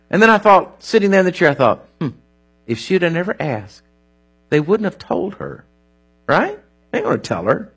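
A man preaching a sermon in a conversational, animated way, acting out little quoted exchanges as he teaches. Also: on the high side, brisk, slightly rough, soft background music.

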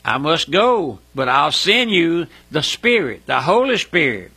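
A man preaching a sermon in a folksy, emotional way, often breaking into high pleading cries. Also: very animated, measured pace, vocal fry, bright, forceful tone, slightly rough. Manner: folksy, repeats "my friend" and "listen".

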